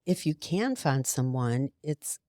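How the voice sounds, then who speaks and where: Low, slow, mellow woman co-host. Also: big pitch swings, no room sound, clean studio sound. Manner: agreeable, chimes in with short replies. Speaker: podcast co-host. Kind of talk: casual podcast chat.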